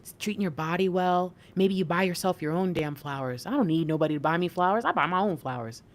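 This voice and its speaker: A woman's voice: fairly low pitch, quick pace. A woman giving a casual spiritual card reading, chatty and encouraging, often laughing as she talks. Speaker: intuitive reader.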